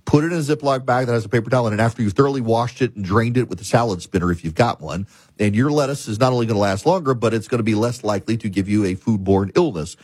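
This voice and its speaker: A man with a husky voice delivers a talk show monologue. He tells a story and explains in an emphatic, deliberate way. His pitch sits in the middle, and the recording is close and dry. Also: darkish tone, dry recording.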